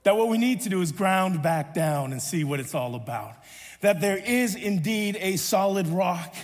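A man preaching a sermon, telling a personal story in an animated way and acting out voices before settling into a hushed close. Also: sits high, moderate pace. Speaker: pastor. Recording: long hall reverb.

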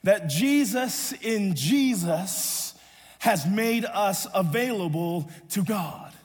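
A pastor with a notably high voice tells a story from the pulpit. His delivery is animated, acting out the people in his story. His voice rings with a long echo in a church sanctuary. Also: slow pace. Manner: animated storytelling, acting out voices, then softening to a hushed close. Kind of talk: sermon with a personal story. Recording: long hall reverb.

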